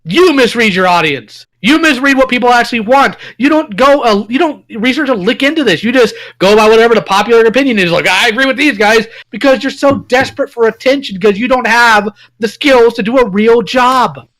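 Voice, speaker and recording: A man's voice: extremely high pitch, animated, a little fast, hardly any pauses, a bit bright, poor audio. A man chatting in a group reaction, scornful and insulting. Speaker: co-host reacting to a video. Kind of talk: casual group reaction chat.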